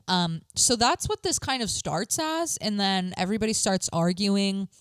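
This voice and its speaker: A woman's voice: mid-range voice, moderate pace, smooth, dry recording. A woman co-hosting a podcast, recapping a reality show in casual chat and acting out what people said. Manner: animated, acts out quotes in exaggerated voices. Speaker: podcast co-host.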